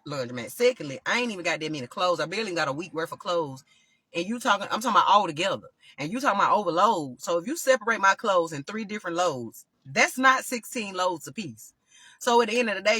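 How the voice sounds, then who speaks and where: A woman's voice: on the low side, bright, forceful tone, breathy edge, no room sound. Heated, profane woman vlogger. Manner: heated, profane, addresses viewers as y'all. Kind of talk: casual storytelling rant to camera.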